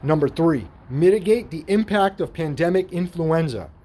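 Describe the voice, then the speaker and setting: A commentary vlogger with a fairly high, warm, animated voice reads headlines from his screen aloud at a moderate pace. His ranting screen-share commentary is indignant and full of profanity.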